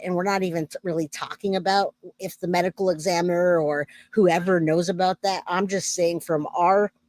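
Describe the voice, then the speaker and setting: A woman's voice: fairly low pitch, no echo. A woman hosting a casual true crime livestream, chatting and reading out viewer comments.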